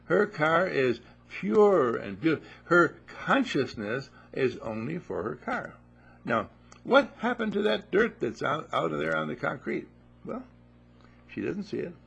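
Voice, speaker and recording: A man's voice: fairly high pitch, very animated, unhurried, vocal fry, fairly bright tone, slightly rough, muffled recording. A man giving a spoken teaching talk, telling playful stories and repeating his phrases for effect. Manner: playful, repetitive storytelling.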